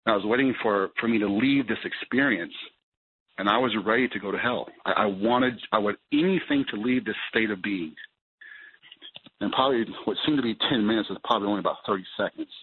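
A man telling his personal recovery story as a guest, in a halting way that repeats words as he restarts. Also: on the low side, a little hiss or hum. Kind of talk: personal testimony. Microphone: phone call. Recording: tinny phone line.

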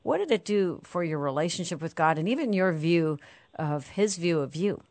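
A woman's voice: lowish voice, expressive, normal speed, darkish tone, no room sound. A woman hosting an interview, asking earnest questions and reading aloud from the guest's book. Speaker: host.

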